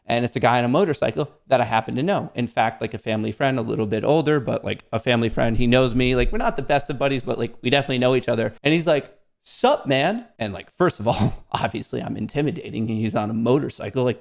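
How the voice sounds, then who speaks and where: A man hosting a show, telling a comedic personal story in a casual, self-mocking way, often jumping high in pitch for emphasis and swearing freely. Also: creaky. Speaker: host of a stock market show.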